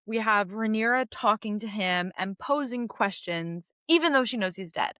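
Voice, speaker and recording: A woman's voice: mid-range voice, normal speed, bright, forceful tone, no room sound. A young woman talks through a TV episode in a casual, earnest way, filling her sentences with "like" and "you know". Her voice sits in a middle range. The recording is dry and close, with no room sound. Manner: chatty, earnest, uses many fillers like "like" and "you know". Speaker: podcast co-host. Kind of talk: casual TV recap commentary.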